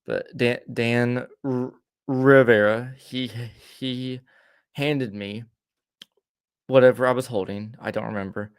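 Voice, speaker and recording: A man in casual podcast chat, trailing off and stammering through restarts as he tells a rambling story. His voice sits at an ordinary middle pitch. It is recorded dry and close, with no room sound around it. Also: fairly even intonation, slow, clear, resonant tone, no echo. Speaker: podcast co-host.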